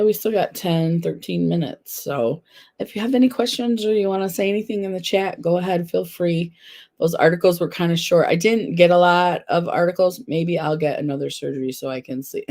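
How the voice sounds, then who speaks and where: A woman's voice: lowish voice, darkish tone. Chatty lady doing a live stream from home, talks right to her viewers, calls them woman. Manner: chatty and candid, addresses viewers directly as "woman". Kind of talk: casual live chat, reading viewer comments.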